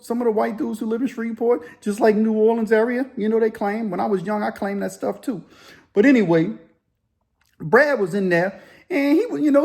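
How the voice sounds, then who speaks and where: A man telling a story casually, loosely and with animated sound effects. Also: high voice. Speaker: storyteller, former inmate.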